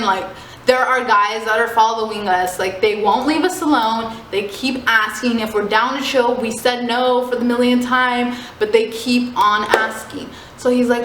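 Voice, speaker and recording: Young woman, fairly high voice, animated swearing storyteller, echoey room with faint hiss. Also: normal speed. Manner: animated, swearing, heavy use of "like". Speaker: storyteller vlogger. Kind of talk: casual storytime vlog.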